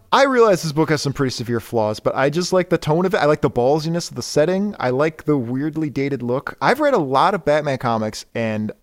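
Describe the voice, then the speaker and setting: A man co-hosting a comic book podcast talks in a slightly high voice that swings up and down a lot as he retells the plot. He laughs often and jumps into quick acted-out lines. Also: no room sound, clean studio sound. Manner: animated, laughing, acts out lines in storytelling. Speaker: podcast co-host.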